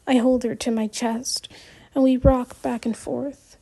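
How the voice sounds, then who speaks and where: A woman narrating an audiobook in the first person, reading gently with the odd restart. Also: fairly high pitch, flat delivery, a little slow, gravelly.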